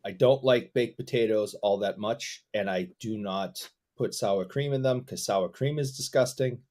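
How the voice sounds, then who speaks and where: A man's voice: fairly low pitch, normal speed, darkish tone. A man on a casual chat show bluntly complaining about food he dislikes.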